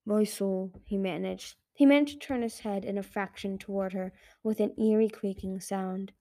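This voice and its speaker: A woman reading a fantasy novel aloud in a soft, measured narration. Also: mid-range voice, steady tone. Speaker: audiobook reader. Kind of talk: fan audiobook narration.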